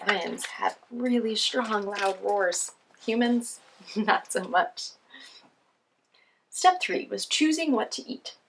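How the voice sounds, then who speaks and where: A woman's voice: medium pitch, creaky, a little hiss or hum. A woman hosting a children's show, reading picture books aloud in a cheerful, sing-song way with frequent laughs.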